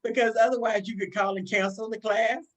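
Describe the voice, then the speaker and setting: A middle-aged woman, a police chief, telling a career story in an interview, animated, acting out dialogue and often restarting sentences. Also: a little high, a little fast, a little hiss or hum.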